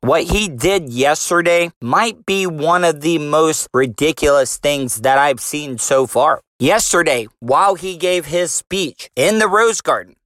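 A man's voice: a little high, a little slow, few pauses, fairly bright tone, no echo. A man giving a heated, sarcastic political rant in a casual monologue, swearing freely. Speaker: political commentary vlogger.

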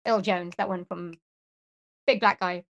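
A woman's voice: lowish voice, fairly even intonation, measured pace, creaky, fairly bright tone, muffled recording. A British woman who does voiceover work, chatting in a friendly, easygoing way during an interview and laughing readily. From Wales. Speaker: voiceover artist guest. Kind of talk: casual interview chat.

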